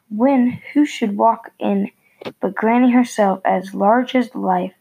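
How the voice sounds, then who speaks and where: A woman reading a fairy tale aloud in a gentle storybook manner, with a few slips. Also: mid-range voice, creaky, a little hiss or hum, low-quality recording.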